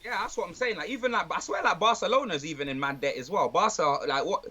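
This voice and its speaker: A man chatting casually about football, full of street slang and lively banter. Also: sits high, quick pace, husky. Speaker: guest, football fan. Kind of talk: casual chat.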